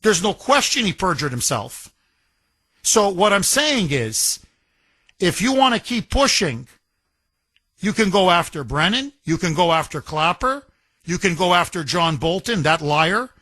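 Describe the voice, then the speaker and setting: A man's voice: high voice, very animated, measured pace, sharp tone, no echo. A man hosting a call-in talk radio show, emphatic and combative, joking with his callers. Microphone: studio microphone.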